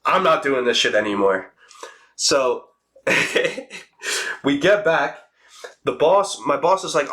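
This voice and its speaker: Bright-voiced young man telling a story. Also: on the high side. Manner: fast, animated, swearing, acts out quotes. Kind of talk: casual storytime vlog.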